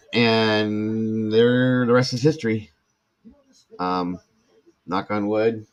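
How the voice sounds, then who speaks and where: A man's voice: on the low side, expressive, extremely slow. An older man, telling a long personal story as a podcast host in casual chat and acting out what others said. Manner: rambling, acts out quoted speech.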